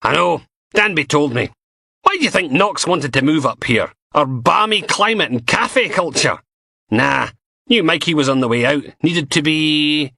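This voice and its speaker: A man's voice: on the high side, lively intonation, unhurried, creaky, pushed and bright, no room sound, pitched above the performer's own voice, exaggerated voice. A man voicing a blunt, chain-smoking female police inspector with a Scottish accent, dry and sardonic.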